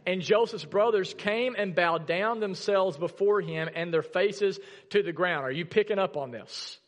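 A man's voice: sits high, a little slow, long reverb tail. A male pastor preaching a sermon in a church, reading scripture aloud and asking the congregation questions in a conversational way. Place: church sanctuary.

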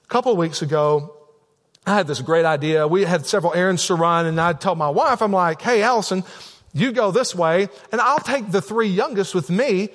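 A man's voice: high voice, moderate pace, fairly bright tone. A man preaching a sermon as a pastor, telling a candid personal story with frequent asides to the congregation. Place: church sanctuary. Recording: long reverb of a church hall.

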